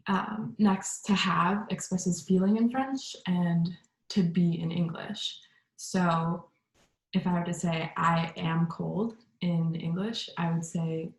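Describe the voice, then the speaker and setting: A woman with a slightly low voice gives a class presentation. She talks casually, with lots of ums and likes. The room is echoey. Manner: relaxed, with many ums and likes. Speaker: student presenter.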